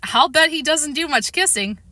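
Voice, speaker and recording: A woman's voice: high-pitched, lively intonation, normal speed, bright, forceful tone, dry recording, voice pushed up. A woman voicing a polite, friendly grown woman in a children's storybook reading.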